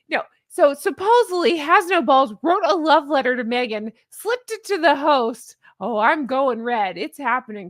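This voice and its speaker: A woman's voice: high-pitched, fairly bright tone, no echo, clean studio sound. A woman hosting a casual livestream, chatting and joking with viewers. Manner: chatty, jokey, greets viewers. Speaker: host of a commentary channel.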